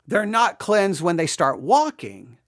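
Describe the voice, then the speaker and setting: A Bible teacher giving an exegetical study, talking in an animated way, acting out quoted lines and often restarting sentences. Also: medium pitch, slow. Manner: animated, acts out quoted speech, frequent restarts.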